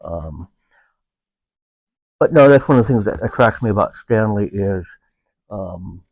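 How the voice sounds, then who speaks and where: A man speaking as a veteran guest in a casual conversation about his service dog, pausing often with fillers as he talks. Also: on the low side, lively intonation, darkish tone, dry recording. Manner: halting, unhurried, with many filler pauses.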